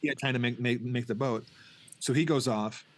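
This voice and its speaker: Fast-talking middle-aged man rambling about a film. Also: medium pitch, steady tone. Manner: rambling, restarts often, acts out scenes. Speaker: podcast co-host. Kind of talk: casual film review chat.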